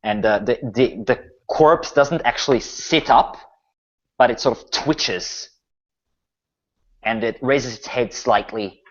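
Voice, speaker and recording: A male game master narrating a tabletop game slowly and deliberately, dropping his voice low. The sound is muffled and lo-fi.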